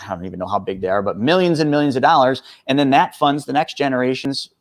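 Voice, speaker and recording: A man's voice: medium pitch, fast talker, no room sound, clean studio sound. A man in his forties, a guest expert on a podcast interview, talking with energy and emphasis and calling the listeners folks. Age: 40s.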